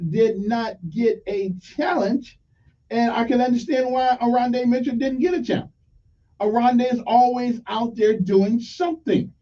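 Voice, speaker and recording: A man hosting a morning radio talk show, rambling casually through shout-outs to local crews. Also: extremely high pitch, distant mic. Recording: dull lo-fi sound, slightly off-mic.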